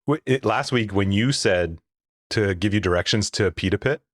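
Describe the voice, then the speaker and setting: A man's voice: lowish voice, normal speed, dry recording, studio quality. A man co-hosting a gaming podcast in casual chat, joking and laughing often. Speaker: podcast co-host.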